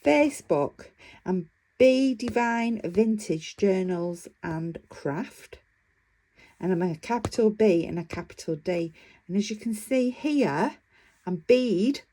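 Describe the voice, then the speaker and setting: A woman's voice: medium pitch, animated, slow, mellow. A woman vlogger chatting casually about her craft work, enthusiastic and rambling, with frequent fillers. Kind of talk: casual show-and-tell chat.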